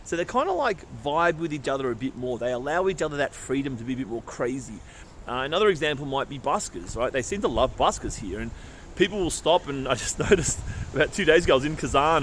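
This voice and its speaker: A man's voice: a little high, fast. An Australian man vlogging outdoors, chatting casually and acting out conversations as he tells stories. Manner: animated storyteller who acts out conversations. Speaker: travel vlogger. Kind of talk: casual travel vlog monologue. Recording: street noise and passing traffic.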